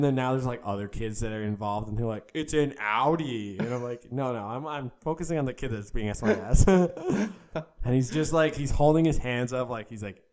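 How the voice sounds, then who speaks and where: A man's voice: medium pitch, warm tone. A young man, co-hosting a podcast and telling a funny story in casual chat, laughing often. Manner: laughing storyteller, mimics a kid. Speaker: podcast co-host.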